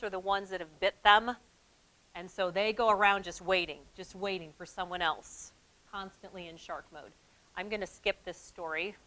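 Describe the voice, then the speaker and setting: Bright-voiced woman giving a trauma training talk. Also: medium pitch, poor audio. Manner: lively, laughs easily, drops to a soft calm voice. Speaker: trauma program presenter. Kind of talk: training presentation to school staff. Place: event hall with an audience.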